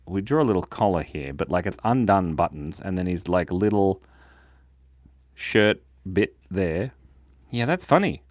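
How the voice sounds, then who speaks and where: Casting: playful male streamer, lively pitch, dry close mic, giggly chat-reader. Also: dry recording. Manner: playful, reads chat comments aloud, giggles often. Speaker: livestream host drawing with chat. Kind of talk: casual live-stream chat.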